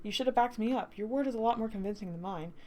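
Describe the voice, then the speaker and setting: A woman's voice: fairly high pitch, fast talker, a little mellow, close to an everyday voice. A woman reading the lines of a frustrated young noblewoman confronting her companion in a story. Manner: frustrated, pressing.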